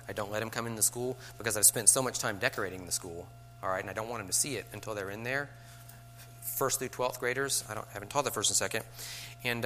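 A middle-aged male teacher speaking to a room of fellow educators, his voice bright and forward. He talks conversationally, tossing in rhetorical questions and little chuckles. A faint hum sits behind him. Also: medium pitch.

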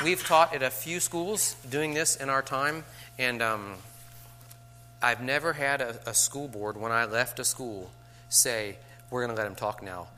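Bright-voiced male teacher giving a talk. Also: medium pitch, slight background noise. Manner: conversational, chuckles, rhetorical asides.

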